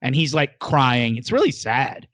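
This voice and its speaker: Animated man recapping a TV episode. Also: mid-range voice, a little slow, no room sound. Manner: animated retelling, acts out characters' lines. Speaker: podcast co-host. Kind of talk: casual chat recapping a TV episode.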